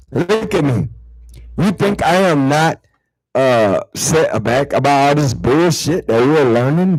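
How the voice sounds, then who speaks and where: Man, husky, swings his pitch widely, dry close sound, heated cursing rant, repetitive. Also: no echo, poor audio. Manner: heated, swearing, repeats words, swings from mutters to shouts. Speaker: online show host. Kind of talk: profane spiritual rant to viewers.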